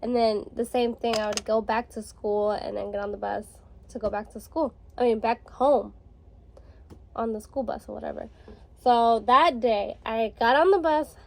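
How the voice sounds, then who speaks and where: A woman's voice: on the high side, steady tone, moderate pace, vocal fry, slight background noise. A young adult woman vlogger telling a story in a casual, rambling way, full of fillers. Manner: chatty, rambling, filler-heavy with frequent "like". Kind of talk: casual storytelling while getting ready.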